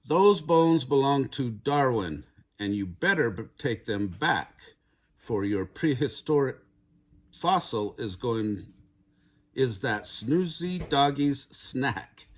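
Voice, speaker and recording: A man's voice: mid-range voice, lively intonation, slow. An older man voicing a bossy mother cat who scolds her kitten in a stern voice.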